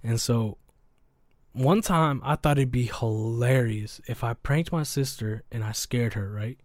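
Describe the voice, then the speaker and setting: Speaking at a measured pace in a medium-pitched voice with no room sound, a young man hosts a podcast. His storytelling is casual chat, slangy, profane, rambling and thick with fillers.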